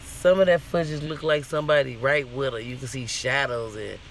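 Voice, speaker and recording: A man's voice: mid-range voice, fairly even intonation, moderate pace, vocal fry, a bit bright. Indignant man ranting, faint traffic behind. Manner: indignant, profane, questioning. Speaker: vlogger. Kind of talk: casual commentary rant.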